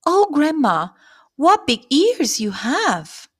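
Woman playing a high, innocent little girl for a fairy tale reading. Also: big pitch swings, slow, full character voice. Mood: wondering. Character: sweet trusting little girl.

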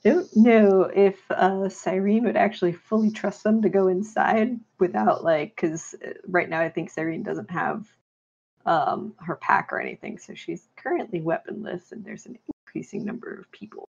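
A woman's voice: medium pitch, normal speed, gravelly, darkish tone, slightly rough, muffled recording. A young woman playing a tabletop game, eager and a bit hesitant in her speech. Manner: enthusiastic, hesitant in-character chat. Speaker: player.

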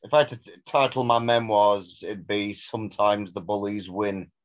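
A man chatting as a podcast guest, self-deprecating and halting, with frequent restarts. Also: fairly low pitch, steady tone, highs cut off. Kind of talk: casual chat.

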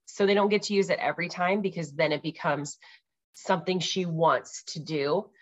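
Casual mom host, thirties, rambling and friendly, filler words throughout, low-set voice, muffled recording. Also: female voice, moderate pace. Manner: chatty, many ums and likes, laughs easily. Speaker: podcast host. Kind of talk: casual parenting talk.

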